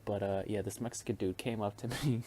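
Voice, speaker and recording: Young male podcast host, low-pitched, rambling, profane, casual solo talk. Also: fairly even intonation, fairly quick, dark tone, slight background noise. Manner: profane, rambling, chuckles often.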